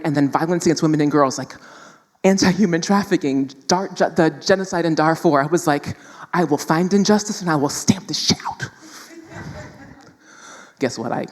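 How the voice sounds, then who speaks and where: A woman's voice: low voice, darkish tone, big-room sound. A woman from New York City speaking as a panel guest, telling candid, emphatic stories to a live audience. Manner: candid, emphatic storytelling, addresses audience as y'all.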